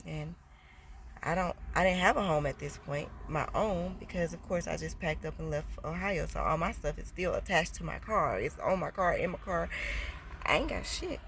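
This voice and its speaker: A woman telling a casual storytime vlog in slangy, profane talk that climbs into loud, indignant rants. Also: fairly low pitch, lively intonation, normal speed, vocal fry, a little hiss or hum.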